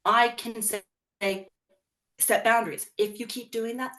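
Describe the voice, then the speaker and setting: A woman's voice: fairly high pitch, normal speed. A woman co-hosting a podcast, talking casually about parenting and often acting out what children and parents say. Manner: animated, acts out quotes of kids and parents. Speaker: podcast co-host; works with young schoolchildren.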